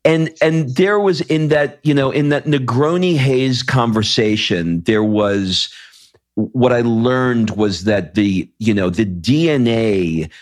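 A man's voice: medium pitch, slow pace. A man hosting a podcast interview, telling stories casually with many restarts. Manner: rambling storyteller, many restarts. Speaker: podcast host.

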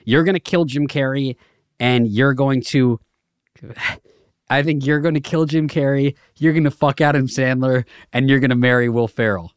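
A man's voice: medium pitch, moderate pace, clear, resonant tone, no room sound, clean studio sound. Hesitant stammering man on a podcast. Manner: hesitant, stammering, thinking aloud. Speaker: podcast guest. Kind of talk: casual podcast chat.

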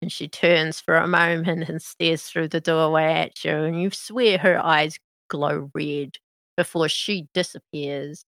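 A woman narrating a tabletop role-playing game as game master, in a slow, measured way. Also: sits low, steady tone, fairly bright tone, no room sound.

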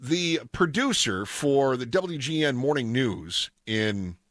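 Bright, lively talk radio host. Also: male voice, mid-range voice, slow, no echo, studio quality. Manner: chatty, wry, conversational. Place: radio studio. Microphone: studio microphone.

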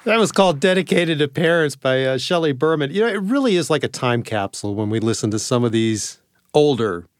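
A middle-aged man co-hosting a show, chatting casually about old comedy recordings in a relaxed manner, sometimes searching for words. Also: medium pitch, brisk. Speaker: radio show co-host.

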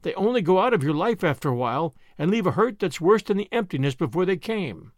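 A man's voice: high-pitched, big pitch swings, fast, dry recording, clean studio sound. A man reading as a wistful, dramatic middle-aged lady. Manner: sighing and dramatic. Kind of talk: audiobook character reading.

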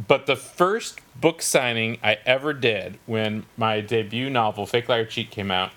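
Middle-aged man telling anecdotes on a call. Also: mid-range voice. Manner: self-deprecating, animated anecdote-telling with laughs. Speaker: novelist and podcast host. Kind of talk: casual storytelling chat. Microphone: video call.

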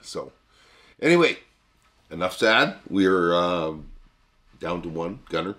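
An older man co-hosting a casual podcast, talking in a folksy, halting way with many restarts. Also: low voice, fairly bright tone. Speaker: podcast co-host. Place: cabin.

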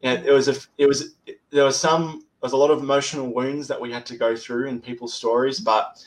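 A man's voice: medium pitch, level tone, brisk, poor audio. A man speaking as a podcast guest in an easy conversation. His voice sits mid-range and he often stalls and restarts words. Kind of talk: casual interview chat.

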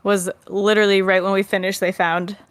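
A woman's voice: mid-range voice, little pitch movement, a little fast, clean tone, no room sound. A woman co-hosting a podcast, chatting casually and reading out case details. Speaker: podcast co-host. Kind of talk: casual chat.

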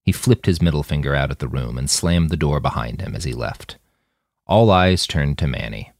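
A man narrating his own fiction with an expressive reading. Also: rumbling low, moderate pace, no echo, studio quality. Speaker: author and narrator.

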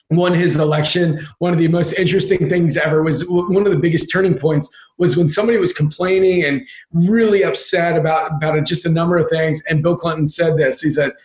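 A man talking as an interview guest in casual chat, energetic and often repeating words as he thinks. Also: on the high side, reverberant.

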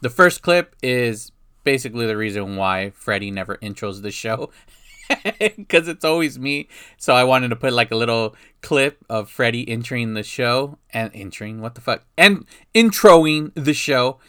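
A man's voice: medium pitch, expressive, normal speed, sharp tone, smooth, no room sound, studio quality. A man hosting a podcast from home, talking casually and laughing often. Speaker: podcast host. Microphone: remote podcast mic at home.

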